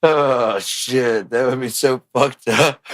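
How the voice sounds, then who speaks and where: A man with a bright, edgy voice at an ordinary middle pitch tells jokes in a rambling way, with loose stories and plenty of swearing. He laughs at his own bits and often sinks into a quiet mumble while he works out the next idea. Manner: drops to a quiet mumble while thinking aloud. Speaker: channel host. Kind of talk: rambling comic monologue.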